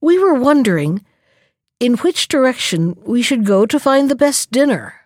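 A woman voicing a proud, hungry male lion with a quick temper in a storybook reading, speaking grandly. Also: fairly high pitch, very animated, a little mellow, no echo, clean studio sound, pitched above the performer's own voice.

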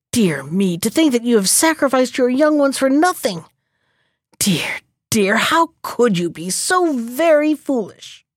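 Bossy scolding crow from a kids story, woman doing it, pitched way up. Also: no echo, studio quality. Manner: exasperated, scolding.

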